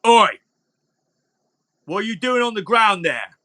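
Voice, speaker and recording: A man voicing a burly, gruff male tavern guard who barks slow, loud questions. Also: high-pitched, expressive, voice pushed up, heavily acted. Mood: gruff, suspicious.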